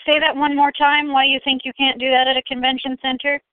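A woman's voice: high voice, level tone, fast, dry recording. A woman hosting a casual podcast chat, arguing her point with many restarts. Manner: argumentative, restarts a lot. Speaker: podcast host. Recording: tinny phone-like line.

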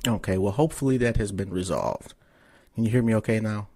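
A man's voice: on the low side, fairly quick, warm tone. A man hosting a podcast, talking loosely and cursing casually. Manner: loose, profane, chatty. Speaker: podcast host. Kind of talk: casual interview chat.

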